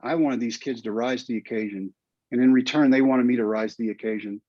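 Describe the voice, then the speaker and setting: A man's voice: medium pitch, fairly even intonation, quick pace, a little mellow, dry recording. A man, telling an earnest, emotional story as a podcast guest. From United States. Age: 50s. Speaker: guest, former pitcher and teacher. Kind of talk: storytelling interview. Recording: dull dry podcast audio.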